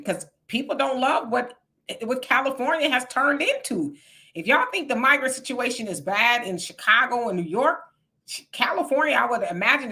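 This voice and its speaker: Woman running a live chat stream, bright kinda high voice, reading comments and chatting back. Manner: chatty, talks straight to viewers, reads comments aloud with reactions. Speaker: livestream host reading viewer comments.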